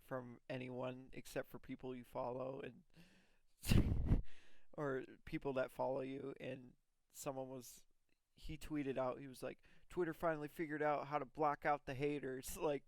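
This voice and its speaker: A man's voice: mid-range voice, dry recording. A young man co-hosting a podcast, telling stories in casual chat with lots of fillers. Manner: rambling, filler-heavy storytelling. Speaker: podcast co-host.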